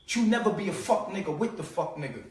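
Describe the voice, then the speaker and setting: A man with a high voice talks in a loose, streetwise live-stream rant, full of swearing and mockery. He drops to low mutters, then bursts out loud. He sounds far from the mic, in a room with a lot of echo. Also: expressive, quick pace. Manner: streetwise, profane, mocking, swings between low mutters and loud outbursts. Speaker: host. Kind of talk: casual live-stream monologue.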